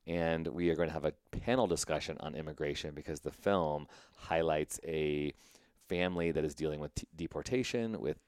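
A man's voice: a bass voice, a little mellow, smooth, no room sound. A man hosting a podcast in a casual, joking, rambling way, often laughing. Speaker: podcast host. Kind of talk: casual chat and interview.

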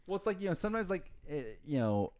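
A man's voice: sits high, big pitch swings, darkish tone. A young man, a barista, chatting casually on a podcast, ranting with a lot of swearing and acting out his customers. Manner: fast, profane ranting, acts out customers. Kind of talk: casual chat.

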